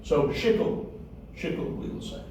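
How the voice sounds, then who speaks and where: A man's voice: unhurried, warm tone. A man teaching Biblical Hebrew in a lecture, repeating key words and checking that his students follow. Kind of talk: classroom lecture. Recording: very echoey, distant, faint room noise.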